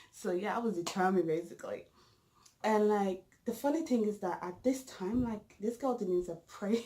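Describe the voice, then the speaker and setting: A woman's voice: mid-range voice, moderate pace, dark tone, a little hiss or hum, poor audio. A young woman, casually telling a storytime vlog with lots of fillers and restarts. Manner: rambling, full of fillers and restarts. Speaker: vlogger.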